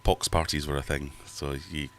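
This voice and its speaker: A man's voice: rumbling low, little pitch movement, normal speed. A middle-aged man hosting a casual livestream from his home fish room, chatting to viewers and reading their comments in a rambling, self-mocking way. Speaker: livestream host.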